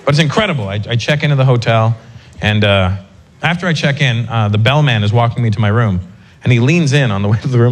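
A man doing a stand-up comedy set, telling a story with lively put-on voices. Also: mid-range voice, fast. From North America.

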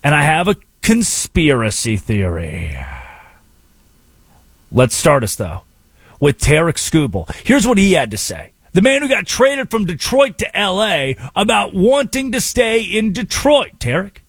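A man's voice: sits high, unhurried, breathy edge, no echo. A man hosting a sports talk radio show, arguing his points emphatically in a monologue. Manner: emphatic, animated, argumentative.

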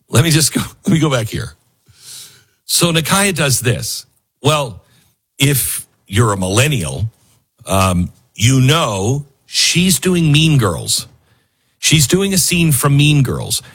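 A man's voice: medium pitch, breathy edge. A man hosting a political talk show, giving an opinionated, sarcastic monologue and laughing often. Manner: animated, sarcastic, laughs often and mimics people.

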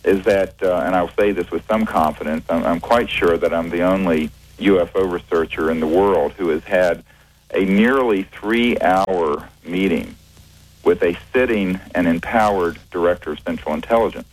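A very deep-voiced man talks as a guest on a radio interview. He speaks in a measured way, pausing often and restarting his sentences. The sound has the quality of a radio broadcast. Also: rough recording. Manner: measured, hesitant, many fillers and restarts. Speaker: guest, researcher.

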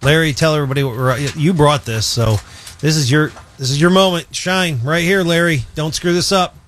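A man co-hosting a casual radio show, his voice sitting a little high. He rambles and circles back with plenty of fillers. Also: fairly quick, fairly bright tone, slight background noise.

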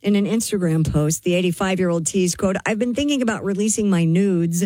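A woman's voice: lowish voice, brisk, dark tone, no echo, clean studio sound. A woman co-hosting a radio show, reading news items and chatting. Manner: reads news items, then chats and explains. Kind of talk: casual morning radio banter.

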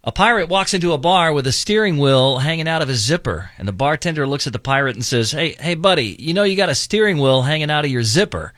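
A man's voice: fairly high pitch, lively intonation, fast, hardly any pauses, fairly bright tone, no echo, studio quality. A man hosting a morning radio show, trading bad jokes and teasing himself in casual banter. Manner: joke-telling, self-mocking.

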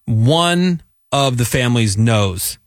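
A man's voice: medium pitch, animated, slow, no echo, clean studio sound. A man hosting a radio show, reading stories aloud and chatting with his co-hosts in a casual, easygoing way.

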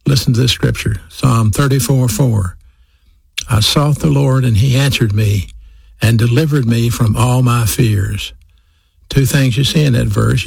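Male preacher, raspy and gravelly, deliberate emphatic sermon delivery, dry close sound. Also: medium pitch, darkish tone, no room sound. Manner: slows and stresses key phrases, repeats for emphasis.

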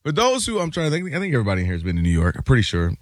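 Animated male sports talk co-host. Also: medium pitch, rapid-fire, dry recording, clean studio sound. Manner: animated, acts out quotes in funny voices.

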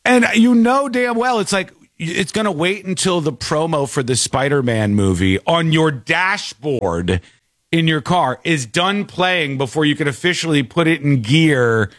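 Lively guy co-hosting a tech chat, bit high pitched, dry close sound. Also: a little slow, dry recording. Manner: animated, does silly character voices. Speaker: show host.

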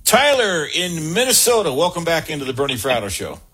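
A man hosting a call-in sports radio show, brisk and joking as he keeps the calls moving. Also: a little high, sing-song, fairly bright tone, a little hiss or hum.

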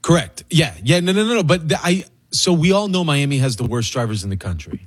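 A man's voice: on the high side, brisk, breathy edge, no echo. A man co-hosting a radio show in the studio, talking emphatically in casual banter. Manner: animated, emphatic. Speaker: radio co-host.

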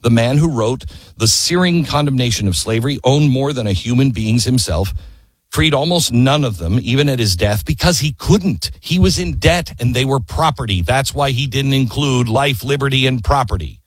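A man's voice: mid-range voice, lively intonation, moderate pace, slightly rough, no echo. A man telling history as an impassioned story, earnest and emphatic, firing rhetorical questions and urging his listeners to hear every part. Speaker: history speaker.

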